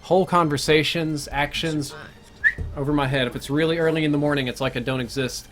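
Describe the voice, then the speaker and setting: Young man, game streamer, casual rambling commentary, fairly high voice. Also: fairly even intonation, a little fast, music in the background. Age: young adult. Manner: rambling, thinks aloud, answers viewer questions between plays. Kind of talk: live gameplay commentary chat.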